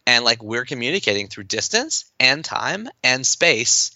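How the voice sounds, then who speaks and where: A man talking as a podcast guest, animated and fast, with lots of fillers and restarts. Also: mid-range voice, no room sound, dull audio. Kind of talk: enthusiastic conversational interview.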